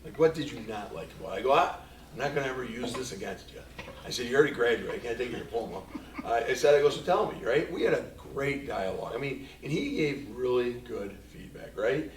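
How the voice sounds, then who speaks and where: A school superintendent gives a rambling, anecdotal report at a board meeting, quoting both himself and a former student. His mid-range voice is animated and fast, with a little hiss or hum. The meeting room sounds echoey, picked up by a distant mic with faint ambience.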